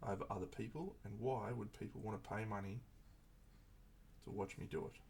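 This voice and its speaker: Male streamer, gravelly voice, casual rambling chat, faint background hiss. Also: on the low side, fairly even intonation, brisk, a little mellow. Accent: Australian. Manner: reflective, rambling, frequent restarts. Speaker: streamer painting miniatures.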